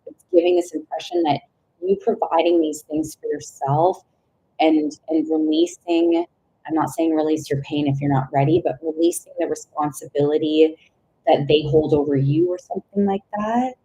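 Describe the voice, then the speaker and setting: A young woman with a low, soft, mellow voice gives a live intuitive tarot reading. She rambles and gropes for words, breaks into sudden excited outbursts and swears casually. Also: normal speed, vocal fry, low-quality recording. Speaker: tarot reader.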